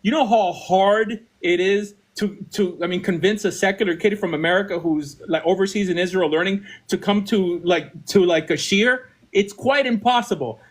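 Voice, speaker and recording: Male rabbi host, high-pitched, earnest and persuasive. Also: moderate pace, hardly any pauses. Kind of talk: podcast call-in talk.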